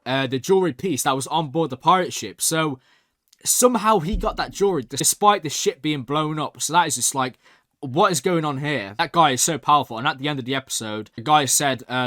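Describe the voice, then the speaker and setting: Young male reaction host, excitable and rambling, slightly high-pitched, dry room. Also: fairly quick, dry recording. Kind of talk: casual recap and review.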